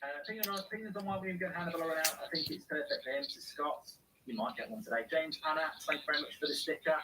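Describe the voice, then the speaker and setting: A man's voice: a little high, racing, recorded from a distance, noisy background. A man hosting a live football watchalong, reading viewer comments aloud and answering them in casual chat.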